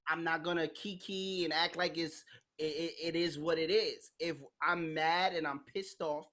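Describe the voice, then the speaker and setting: A woman's voice: low-pitched, steady tone, moderate pace, fairly bright tone. A woman hosting a podcast in casual chat, talking bluntly and animatedly, acting out quoted voices and swearing freely. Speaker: podcast host.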